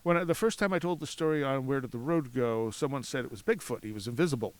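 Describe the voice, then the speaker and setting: A man telling a story as a podcast guest outdoors at a cemetery, animated, acting out voices in his anecdotes and laughing often. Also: mid-range voice, quick pace, dry recording. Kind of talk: casual storytelling.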